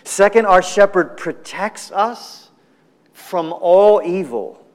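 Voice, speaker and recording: A man preaching a sermon, earnest and emphatic, slowing down and dropping his voice on key words. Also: high-pitched, in a large hall. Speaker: pastor.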